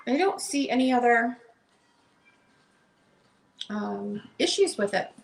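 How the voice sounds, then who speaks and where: A woman's voice: fairly high pitch, animated, takes it slowly, gravelly. A woman chatting casually as she shows books for a live online sale. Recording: roomy echo.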